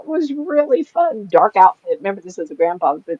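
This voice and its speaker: An older woman, a psychic medium, telling anecdotes in a chatty, animated way and laughing often as she talks. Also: sits high, quick pace, husky, dry recording. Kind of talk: casual storytelling in an interview. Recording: dry, slightly dull lo-fi sound.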